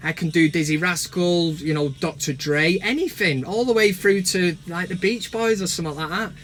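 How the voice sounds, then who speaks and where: A man hosting a casual football chat from inside a van while driving, with cheeky, animated banter. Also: sits high, moderate pace, a little hiss or hum. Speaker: host.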